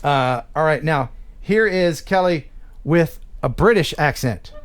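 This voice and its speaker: A man's voice: on the high side, expressive, clean tone. Upbeat male host, loose live-stream banter over light background music. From United States. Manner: upbeat, chatty, quick to laugh. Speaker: host of a live drone show. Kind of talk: casual live-stream chat.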